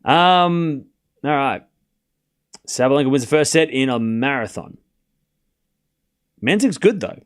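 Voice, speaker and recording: A man's voice: mid-range voice, animated, a little slow, pauses often. A man hosting a live tennis watchalong stream. He calls the score between points and argues sarcastically with his chat. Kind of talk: live commentary and casual chat with viewers.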